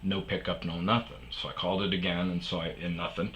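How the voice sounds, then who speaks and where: Man, middle-aged, deep voice, sharp and forceful tone, casual storytelling host, rambling, lots of restarts. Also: level tone, brisk, a little hiss or hum. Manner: rambling, with many restarts and fillers; mimics other people loudly in quotes, then drops low and quiet. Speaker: podcast host.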